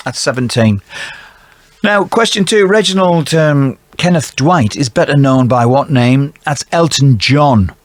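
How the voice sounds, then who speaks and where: A man reads out quiz answers at an unhurried pace, slipping in jokey, chatty asides. He sounds close and dry, with no room echo. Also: mid-range voice. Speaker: quiz host for a care provider.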